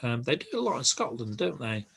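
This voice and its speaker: An older man giving a relaxed, reassuring language lesson, pausing often with ums and uhs. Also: medium pitch, creaky, husky. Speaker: Spanish teacher.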